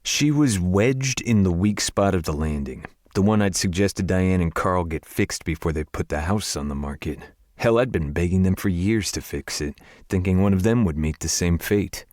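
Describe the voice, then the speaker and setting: A man's voice: low voice, animated, normal speed, hardly any pauses, a little mellow, no room sound, clean studio sound. A male narrator reading a first-person romance audiobook with a wry, confiding inner-monologue manner.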